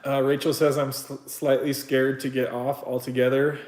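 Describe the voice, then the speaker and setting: A man talks on a live stream at a middling pitch, and his voice stays fairly level and flat. He is candid and swears freely, stopping and restarting as he reads viewer comments aloud. The room around him is noticeably echoey. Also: moderate pace.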